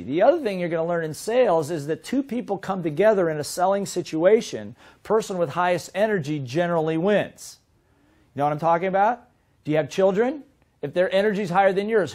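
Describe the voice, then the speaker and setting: A middle-aged man teaching a sales seminar in a lively way, often asking his listeners questions. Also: a little high. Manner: lively, asks the audience questions. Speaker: sales trainer.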